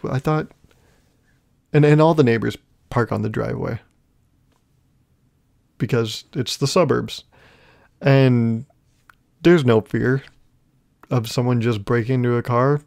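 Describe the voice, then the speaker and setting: A young male podcast host with a gravelly, fry-edged voice at an ordinary pitch for a man. He talks alone to his listeners and rambles through self-mocking comic stories, often chuckling at his own jokes. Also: darkish tone. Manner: rambling, self-deprecating storytelling with frequent laughs. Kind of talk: comedic solo podcast monologue.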